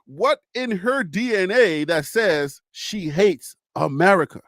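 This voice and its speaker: Hosting a casual political discussion, a man with a high, fairly bright voice speaks slowly and animatedly, laughing often. He addresses a caller or chatter directly and walks through points step by step. There is no room sound.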